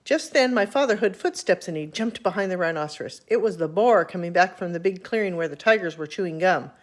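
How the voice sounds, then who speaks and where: Expressive woman reading a children's book aloud. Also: lowish voice, fairly quick. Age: older. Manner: warm, expressive storytelling. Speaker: storyteller.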